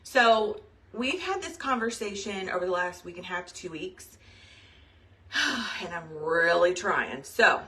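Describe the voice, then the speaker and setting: A young woman chats loosely to her team over a live video, drifting between thoughts and filling gaps with "um" and "y'all." She is pregnant and talks in a bright, forward voice. The mic sits a little away from her, so the sound is somewhat distant. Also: mid-range voice. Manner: chatty and rambling, says y'all, frequent fillers. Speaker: direct sales team leader.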